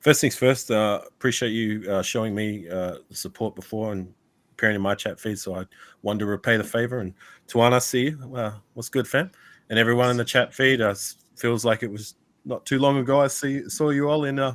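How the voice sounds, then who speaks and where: A man's voice: medium pitch, fairly even intonation, brisk, fairly bright tone, dry recording. A man with an Australian accent, a guest on a casual podcast, playful and laughing easily, swearing casually.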